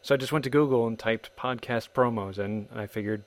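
A man's voice: medium pitch, brisk, no room sound. A man hosting a podcast and telling anecdotes in a chatty way, full of asides. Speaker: podcast host. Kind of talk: casual spoken storytelling.

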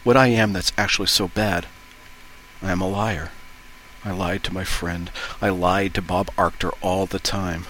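A man reading book passages aloud in a steady, even way. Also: sits low, unhurried, a little hiss or hum, low-quality recording. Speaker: reader of book excerpts.

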